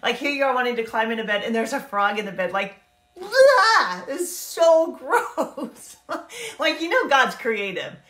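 A woman with a fairly high, bright voice delivers a casual Bible lesson to camera. She is chatty and animated, slipping into quick asides. The room around her has a noticeable echo. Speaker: Bible teacher and life coach.

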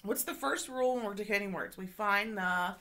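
A woman's voice: mid-range voice, fairly quick, pushed and bright. A woman teacher giving a remote reading lesson to children, patient and encouraging, often checking in with "okay?".

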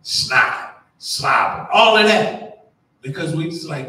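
Preacher, male, high voice, animated sermon delivery with hushed asides, picked up from far off in a very echoey church. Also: slow. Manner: animated preaching, acting out voices, dropping to a hush. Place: church sanctuary.

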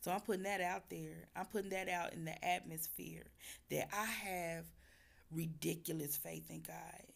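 A woman, hoarse from losing her voice, talking fervently to her viewers about faith and repeating phrases like a preacher. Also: fairly low pitch, fairly even intonation, normal speed. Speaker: vlogger. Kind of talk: casual faith talk to viewers.

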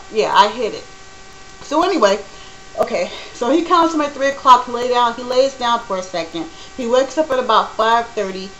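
A woman telling a personal story to camera in a casual, animated way, acting out what people said. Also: on the high side, a little hiss or hum, low-quality recording. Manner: animated, acts out quoted dialogue.

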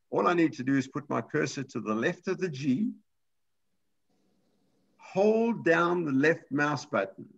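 A man's voice: mid-range voice, vocal fry, fairly bright tone, lo-fi sound. A man teaching a computer class, explaining step by step in a patient way with frequent restarts. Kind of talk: live class lesson.

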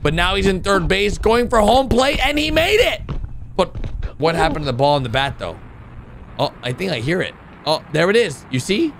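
A man hosting a reaction video, commenting in a casual, excitable, exclamatory way and talking straight to his viewers. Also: high-pitched, moderate pace, vocal fry, a little hiss or hum.

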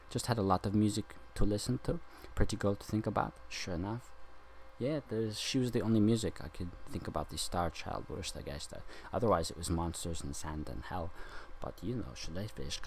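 A man's voice: sits low, darkish tone, slight background noise. A man talking in a rambling monologue that drifts between loose talk, nonsense syllables and chant-like sounds.

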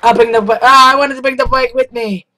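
A young man commenting on his own gameplay, loud and excitable with frequent yelling outbursts. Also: very high voice, quick pace. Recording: noisy home mic.

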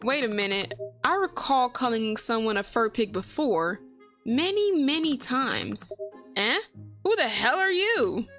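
A woman voicing a senile old female tree spirit in a high, theatrical old-lady voice, chuckling "ho ho ho". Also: very animated, a little slow, fairly bright tone, faint music behind, exaggerated voice. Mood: cranky.

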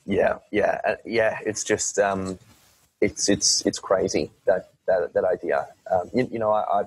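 A man's voice: low voice, fairly even intonation, a little slow, breathy edge, no room sound, poor audio. A man talking as a podcast guest in a casual, rambling way, often restarting his sentences and swearing now and then. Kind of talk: casual conversation.

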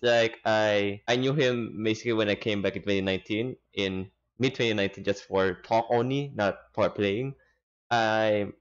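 A man's voice: lowish voice, muffled recording. A man hosting a casual live-stream interview, rambling with restarts and laughing often.

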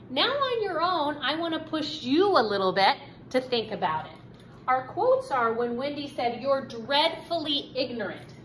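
A woman teaching a recorded fourth grade reading lesson, speaking slowly and emphatically and encouraging her students. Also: high voice, fairly bright tone, slight background noise, rough recording.

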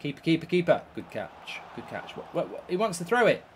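Man, game commentary host, exasperated, swears a lot, very lively pitch. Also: fairly quick, a little hiss or hum.

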